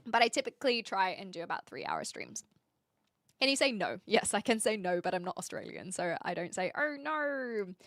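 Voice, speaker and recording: A woman's voice: fairly low pitch, big pitch swings, brisk, a bit bright, no room sound. A woman streamer chatting casually and reading viewer comments aloud, giggly and joking. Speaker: livestreamer.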